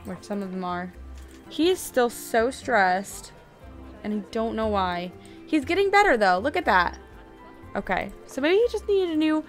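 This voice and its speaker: A young adult woman streams video games with casual, chatty commentary, getting excited easily and frustrated quickly. Her voice is mid-range.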